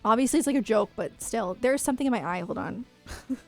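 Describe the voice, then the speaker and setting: Young female streamer, bright-leaning pitch, rambling fangirl chat, faint music behind. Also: lively intonation, fast talker. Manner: gushing fan talk, full of "like" and "um". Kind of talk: casual livestream chat.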